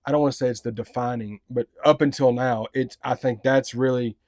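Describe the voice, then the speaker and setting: A man's voice: medium pitch, fairly even intonation, a little fast, a little mellow, no room sound, clean studio sound. A man hosting a casual interview, hyped and full of slang. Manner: hyped, slangy, says bro and dude a lot. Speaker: podcast host.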